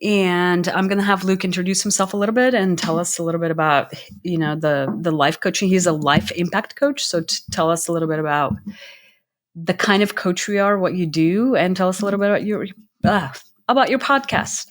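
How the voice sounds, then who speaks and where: A woman with a slightly low voice hosts an interview podcast. She chats in an easygoing way, stumbling and restarting her sentences as she asks her guest questions. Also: fairly quick. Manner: chatty, laughs easily, hesitant restarts. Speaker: podcast host. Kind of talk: casual interview talk.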